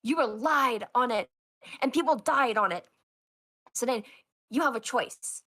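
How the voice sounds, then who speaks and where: A woman's voice: fairly high pitch, a little slow, bright, forceful tone. A woman acting as game master, narrating a tabletop role-play with dramatic, stammering storytelling.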